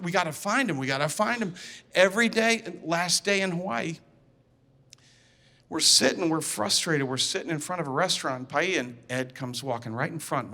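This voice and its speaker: Standing before an audience in a big echoing hall, a man with a high-sitting voice shares a personal story, lively and full of acted-out dialogue and repeated words.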